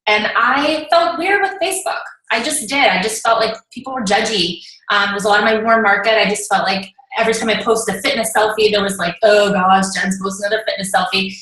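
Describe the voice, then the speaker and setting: Upbeat young woman coach rambling with lots of "like", bright voice, sounds off-mic in an echoey room. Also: mid-range voice, distant mic. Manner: chatty, upbeat, peppered with "like". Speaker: network marketing coach. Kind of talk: casual storytelling to an online audience.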